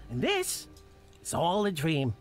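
An actor voicing a bemused young man who makes deadpan, wry quips in a video game. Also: a little high, takes it slowly, creaky, heavily acted. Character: dry, bemused young male dreamer. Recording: game audio with faint music.

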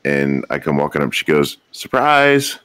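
A man's voice: deep voice, normal speed, a bit bright, no echo. A man co-hosting a podcast, telling a rambling, joking story in casual chat with a few curse words. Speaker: podcast co-host.

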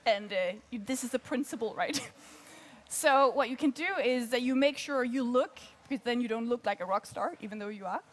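A woman coaching a group on presenting, chatty and lively, often laughing between points. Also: a little high, a little fast. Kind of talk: workshop teaching.

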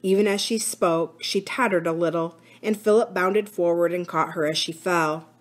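Woman, library story reader, children's book read aloud, clear, even pace. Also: fairly low pitch, normal speed.

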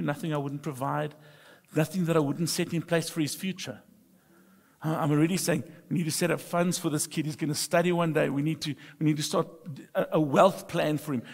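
A middle-aged pastor preaching a sermon, emphatic and humorous, moving between soft confiding talk and loud bursts. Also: male voice, a little high, creaky, slightly rough. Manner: humorous storytelling. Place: church sanctuary. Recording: long reverb of a church hall.

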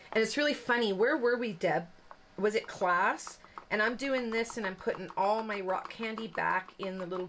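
A woman's voice: medium pitch, a bit bright, slight background noise. A woman hosting a card-making tutorial, chatting casually and rambling with lots of fillers as she works. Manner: chatty, rambling, self-deprecating with frequent fillers. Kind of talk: casual crafting demonstration.

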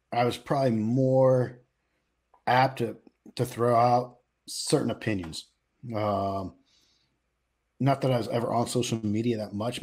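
Husky middle-aged man, casual podcast host. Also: fairly low pitch, darkish tone. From West Coast of the US. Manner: conversational, many fillers and restarts. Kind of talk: casual chat.

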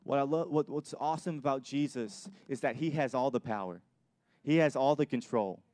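A man's voice: medium pitch, moderate pace, a little mellow, no echo. Earnest young man preaching, dry sound. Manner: earnest, repeats and restarts phrases. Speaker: pastor. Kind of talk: sermon with personal testimony. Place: church.

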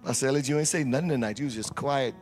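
A man's voice: mid-range voice, racing, darkish tone, faint music behind. A man leading a church service as pastor, with announcements and prayer, teasing the congregation and calling for responses. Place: church sanctuary.

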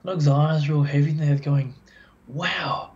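A man, a dog behaviour expert, explaining as a podcast guest in a chatty, animated way and acting out the voices of dog owners. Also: a little high, fast. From Australia. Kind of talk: casual podcast interview. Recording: dull lo-fi sound.

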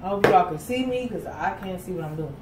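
Cooking in her home kitchen, a woman hosts a casual chat with viewers, folksy and talkative, addressing them as "y'all." She has a lowish voice and speaks briskly and animatedly. The audio is very noisy and roomy, picked up from a distance by a camera placed to the side.

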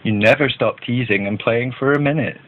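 A man voicing a bossy but kind young girl in a storybook, brisk and motherly. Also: mid-range voice, natural voice. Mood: scolding. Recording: tinny phone-like band.

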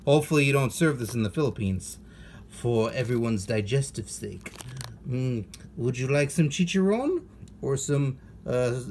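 A man hosting a toy unboxing, chatting casually with playful jokes and asides. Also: medium pitch. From United States.

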